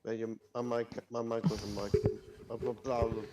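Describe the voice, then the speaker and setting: A man's voice: mid-range voice, little pitch movement, normal speed, heavy background noise. A man playing in a tabletop game, giving short offhand replies. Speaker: player.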